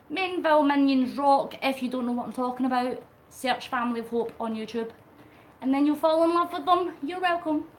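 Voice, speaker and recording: High-pitched and set against slight background noise, a middle-aged woman's voice comes from a live stream she hosts while cycling. She's chatty, laughing a lot as she reads her viewers' comments aloud and responds to them.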